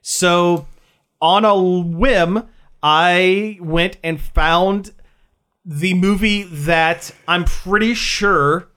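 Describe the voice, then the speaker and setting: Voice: mid-range voice, very slow, a bit bright. Laughing podcast co-host telling a story. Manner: enthusiastic storyteller, laughs often. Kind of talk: casual chat.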